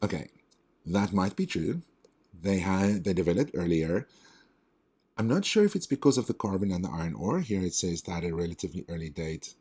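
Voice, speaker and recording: In a deep, husky voice, this man works out reading test questions out loud like a tutor, musing as he goes and catching his own errors.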